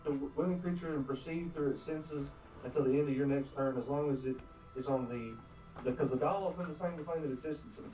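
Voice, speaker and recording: Mellow-voiced male player. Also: fairly high pitch, soft background music. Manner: reads out game rules haltingly. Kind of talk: casual tabletop game talk. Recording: roomy, from far off.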